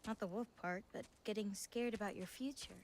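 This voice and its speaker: An actress voicing a kind young giantess in a video game, talking softly to calm someone. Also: female voice, medium pitch, brisk, a little hiss or hum, lightly acted. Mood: reassuring. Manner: soft, soothing, reassuring. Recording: game audio with music under it.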